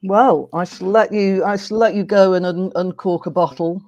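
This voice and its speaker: A woman hosting a casual interview, speaking in a polite, measured and gently wry way. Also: medium pitch, fairly even intonation, no echo, dull audio. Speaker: host.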